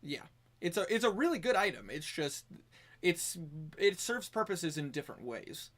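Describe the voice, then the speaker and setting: A man runs a tabletop game over voice chat, narrating scenes and ruling on rolls. His voice sits a little high, and he talks in a relaxed way with quick asides. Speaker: game master.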